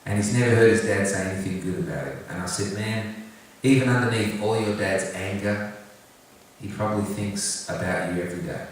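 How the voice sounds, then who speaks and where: A man's voice: fairly low pitch, a little fast, slight background noise. Earnest man telling a story in an echoey room. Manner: earnest, direct, gently humorous. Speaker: singer-songwriter talking about his song. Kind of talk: heartfelt personal storytelling to an audience. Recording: echoey room, picked up from a distance, faint background ambience.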